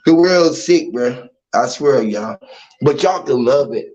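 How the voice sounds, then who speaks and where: A man's voice: medium pitch, expressive, takes it slowly, a little mellow. A man hosting a casual livestream chat, telling profane stories animatedly and laughing often. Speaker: livestream host. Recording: dull lo-fi stream audio.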